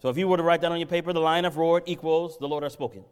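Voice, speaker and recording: A high-pitched male preacher delivers a sermon in a large hall. His voice rings with a long reverb. He rises to loud, fervent peaks, then drops back to calm, chatty explanation of scripture. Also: rapid-fire, clear, resonant tone. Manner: swings from loud impassioned peaks to low conversational teaching.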